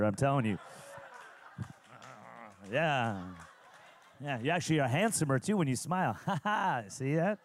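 High-voiced, animated male pastor preaching. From California, USA. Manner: animated preacher who teases and calls on the congregation. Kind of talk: sermon.

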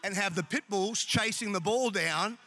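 A middle-aged Australian man preaching a humorous sermon in church, telling animated, jokey stories. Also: high voice, normal speed, vocal fry, a little hiss or hum.

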